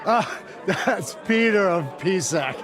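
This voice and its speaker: A jovial, boastful lord. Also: male voice, high-pitched, lively intonation, slow, over music, crowd noise. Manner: hearty, jovial. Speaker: lord hosting a celebration. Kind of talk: video game voice acting.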